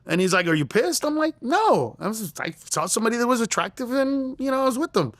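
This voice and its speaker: Animated man telling a story. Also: extremely high pitch, fast, no room sound, studio quality. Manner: acts out quoted lines in raised voice, laughs through story. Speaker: comedian guest.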